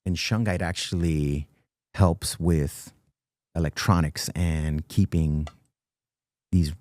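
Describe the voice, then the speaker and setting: A man's voice: rumbling low, steady tone, takes it slowly, darkish tone, dry recording, clean studio sound. A man in his fifties, a guest musician on a podcast, talking earnestly about life and often saying "dude" and "listen". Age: 50s. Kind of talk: casual podcast interview. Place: podcast studio.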